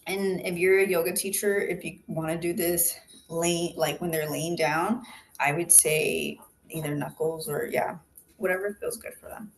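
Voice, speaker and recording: A woman leading a face yoga class over a video call, giving calm step-by-step cues and counting breaths. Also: lowish voice, moderate pace. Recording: video call audio with faint background noise.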